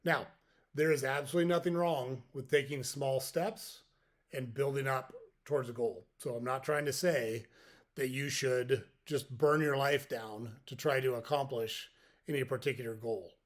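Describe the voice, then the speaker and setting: A man's voice: mid-range voice, fairly even intonation, moderate pace. A middle-aged man hosting a podcast, giving a folksy, reflective motivational talk and explaining his points step by step. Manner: folksy, tells jokes as examples. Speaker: podcast host.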